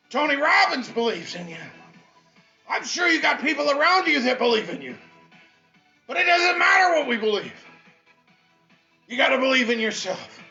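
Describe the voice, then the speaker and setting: Fiery high-pitched preachy man. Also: creaky, sharp tone. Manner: fiery, preachy, repetitive exhortations. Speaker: motivational fitness coach. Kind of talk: shouted motivational speech. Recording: dull lo-fi audio with faint music.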